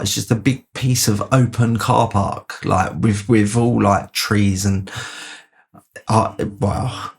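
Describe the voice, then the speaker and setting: A man telling a rambling, casual anecdote, jumping pitch when he quotes his friends. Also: creaky. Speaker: podcast host. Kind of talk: casual storytelling.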